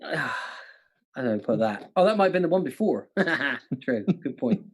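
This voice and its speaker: A man's voice: mid-range voice, big pitch swings, a little slow, slightly rough. Playful man hosting a quiz. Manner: playful, self-mocking, breaks into laughter. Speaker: quiz host. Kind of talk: live-streamed quiz hosting with jokey impressions. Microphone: studio mic with monitors.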